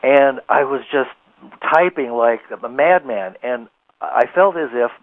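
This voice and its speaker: Male radio guest, animated rambling storyteller, middle pitch, heard over a tinny phone line. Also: a little slow, no echo. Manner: rambling, animated storyteller who laughs easily. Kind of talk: casual radio interview storytelling.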